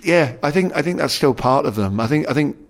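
A man's voice: fairly high pitch, animated, a little fast, gravelly. A middle-aged man and former rugby player, talking as an interview guest in a rambling way, full of restarts and "you know". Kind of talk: casual conversational interview.

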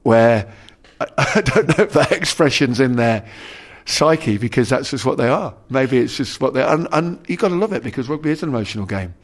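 A man's voice: mid-range voice, lively intonation, fairly quick, few pauses. A middle-aged man and former rugby player, talking as an interview guest in a rambling way, full of restarts and "you know". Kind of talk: casual conversational interview.

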